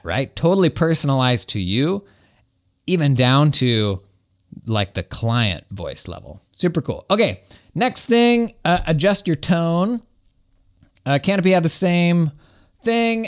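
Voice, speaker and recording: A man in his thirties hosting a casual talk show from his home garage, chatty and enthusiastic, peppering his talk with "like" and "right?". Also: medium pitch. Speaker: podcast host. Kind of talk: casual software commentary.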